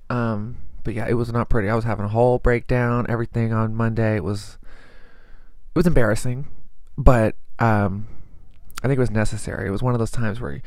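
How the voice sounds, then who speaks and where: Young male vlogger, chatty and anxious, dry recording, mid-pitched. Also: steady tone, a little fast, a little mellow, no echo. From American South. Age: young adult. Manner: chatty, rambling, self-deprecating, anxious. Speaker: vlogger, student teacher. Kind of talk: casual chat.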